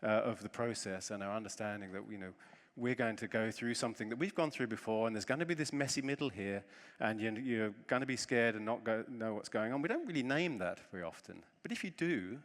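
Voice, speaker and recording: A man giving a conference talk, telling a self-deprecating story with lively humor from the stage. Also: fairly low pitch, a little fast, hardly any pauses. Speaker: conference speaker. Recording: long reverb of a large hall.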